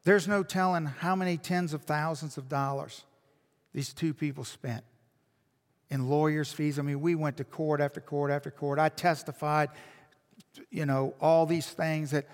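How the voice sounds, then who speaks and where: A man's voice: fairly high pitch, steady tone, normal speed, in a large hall. A man preaching a sermon as a pastor, telling a story with earnest, emphatic repetition. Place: church.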